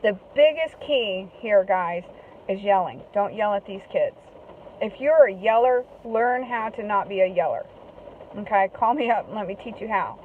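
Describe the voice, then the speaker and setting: A woman's voice: medium pitch, moderate pace. An earnest woman talks straight to her listeners, keeps checking in with them and repeats her points. Her voice sits mid-range and sounds thin and phone-like, with a faint hiss behind it. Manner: earnest, repeats "okay?" and "guys". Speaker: host giving advice to foster parents. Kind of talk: casual direct-to-camera talk. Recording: tinny phone-like audio with faint noise.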